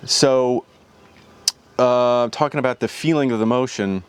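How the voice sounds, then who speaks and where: A man's voice: medium pitch, a little slow, smooth. A man hosting his own vlog, talking casually in a rambling, reflective way and often restarting his sentences. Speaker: channel host.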